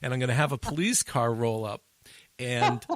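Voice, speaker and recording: A man hosting a casual podcast chat, telling an animated story that climbs high at the funny parts. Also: moderate pace, no echo. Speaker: addiction interventionist, podcast host.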